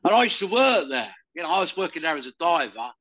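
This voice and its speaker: An older man from the UK, talking loudly and rambling in a casual interview. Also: fairly high pitch, big pitch swings, fast, rough recording. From United Kingdom. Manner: loud, rambling, calls the listener "mate". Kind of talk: casual conversation.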